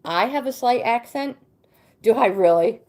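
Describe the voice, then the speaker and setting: A woman hosting a casual live-stream tarot reading, reading card meanings aloud with pauses and fillers and greeting viewers by name. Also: on the high side, expressive, a little mellow. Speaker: tarot card reader and livestream host.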